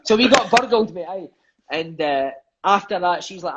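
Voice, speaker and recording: A man's voice: sits high, lively intonation, brisk, a bit bright, dull audio. A Scottish man in his thirties, a podcast guest and former footballer, chatting casually and swearing, sprinkling his stories with "mate" and "aye". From Scotland. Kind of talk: casual storytelling chat.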